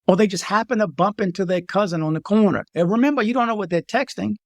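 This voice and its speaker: A man giving casual travel advice in a vlog, emphatic and repeating his warnings with animated asides. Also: high-pitched, fast, dry recording. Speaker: travel vlogger.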